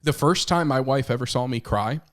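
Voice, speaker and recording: Candid, animated man on a podcast. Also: medium pitch, fairly quick. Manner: candid and animated, shifting between loud and hushed. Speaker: podcast co-host. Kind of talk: casual chat.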